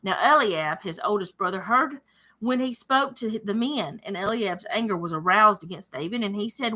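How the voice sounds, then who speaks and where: A woman's voice: mid-range voice, lively intonation, normal speed, bright, forceful tone. A woman leading a home Bible study, reading scripture aloud and chatting about it as she thinks aloud and corrects herself.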